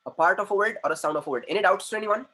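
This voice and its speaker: High-voiced man teaching. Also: pushed and bright, slightly rough. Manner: repetitive, drawn-out spelling of syllables, mixes in Hindi. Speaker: communication trainer. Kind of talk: classroom grammar lesson.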